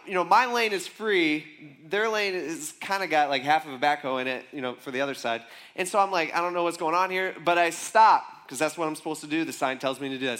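A man's voice: fairly high pitch, fairly bright tone. A man preaching a sermon as pastor, telling a personal story in a casual, conversational way with frequent asides to the congregation.

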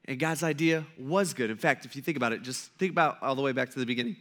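Bright-voiced, joking male pastor. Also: mid-range voice, quick pace. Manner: humorous, conversational storytelling, acting out quotes. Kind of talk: sermon.

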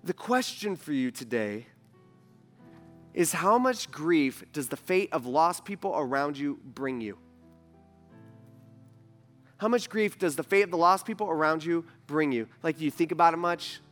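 A man with a fairly high voice preaching a sermon. He talks in a conversational, animated way, with casual asides, and slips into quoted voices as he acts out the story. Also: unhurried, long pauses, soft background music. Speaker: pastor.

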